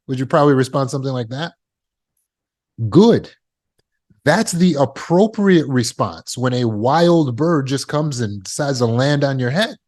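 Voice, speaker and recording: A man's voice: medium pitch, animated, measured pace, darkish tone. A man teaching trauma recovery as a coach, speaking emphatically and repeating phrases for effect. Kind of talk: motivational teaching talk.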